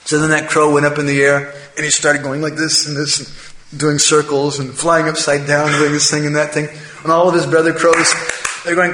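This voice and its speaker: A man telling a moral fable as part of a religious talk, animated, with frequent tag questions and chuckling asides. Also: a little high, a little fast. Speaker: religious storyteller. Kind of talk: sermon storytelling. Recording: echoey room.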